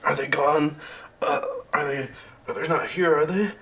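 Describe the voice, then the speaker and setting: Man playing a jumpy frightened young woman, higher voice, rushed, panicky. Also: steady tone, slight background noise. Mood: anxious. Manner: anxious, rushed questions and shouts.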